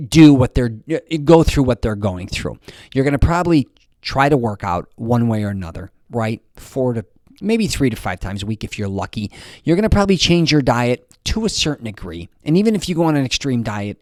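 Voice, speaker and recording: A man's voice: medium pitch, a little mellow, no room sound, studio quality. A man in his fifties giving blunt, rambling fitness advice straight to camera, swearing freely and restarting his sentences. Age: 50s. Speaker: fitness vlogger. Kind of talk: casual motivational talk to camera.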